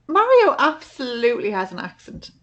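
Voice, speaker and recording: A woman's voice: on the high side, wildly swooping pitch, moderate pace, lo-fi sound. Woman with dry, teasing remarks. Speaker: podcast co-host. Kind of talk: casual chat.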